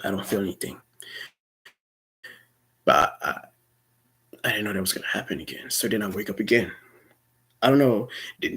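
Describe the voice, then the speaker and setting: A man's voice: on the low side, fairly bright tone, slightly rough. A young man rambling through a personal story, swearing often and stumbling over repeated words. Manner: rambling, profane, stammering restarts.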